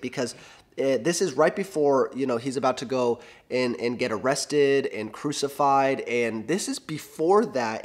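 Conversational man preaching casually. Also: mid-range voice. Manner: conversational, animated retelling with fillers. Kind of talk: casual sermon.

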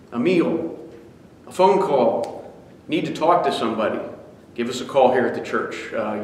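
A man's voice: medium pitch, a little hiss or hum. Man leading a devotion in an echoey church. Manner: conversational, with frequent fillers. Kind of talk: devotion with prayer and scripture reading. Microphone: livestream camera.

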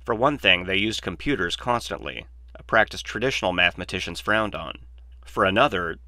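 A man narrating a novel aloud in a steady, measured way. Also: low-pitched, no echo. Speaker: audiobook narrator.

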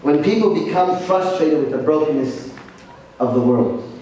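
A man, a priest, giving a lively sermon lecture and telling stories with acted-out voices. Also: a little high, moderate pace. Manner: animated storytelling, acts out quoted voices. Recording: echoey hall, distant mic, faint noise.

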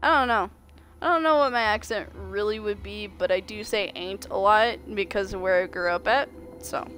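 A woman's voice: mid-range voice, moderate pace, a bit bright. A woman with a slight Southern US accent, chatting through a live-streamed game and talking back to it. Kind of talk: live-streamed gameplay commentary.

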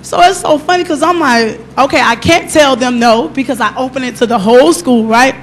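Speaking fairly quickly in a voice that sits high, a middle-aged woman delivers a personal testimony during a church service. Slight background noise can be heard as she animatedly tells her story and performs the other people's lines.

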